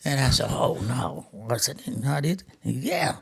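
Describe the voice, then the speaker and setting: A man in his eighties, a grandfather, telling a family story in a lively way, laughing as he goes and acting out the quotes. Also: medium pitch, a little slow, creaky, husky. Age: 80s. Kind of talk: casual storytelling.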